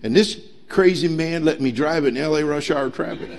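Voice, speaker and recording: A middle-aged man preaching a sermon as pastor, emphatic and humorous, swinging between loud pushes and quiet asides. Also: a little high, brisk, vocal fry. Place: church sanctuary.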